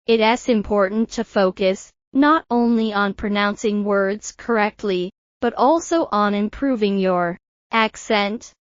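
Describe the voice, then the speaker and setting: A woman teaching an English pronunciation lesson in a scripted style, modelling words slowly and clearly for the learner to repeat. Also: on the high side, no echo, dull audio. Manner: slow, deliberate, models words for repetition.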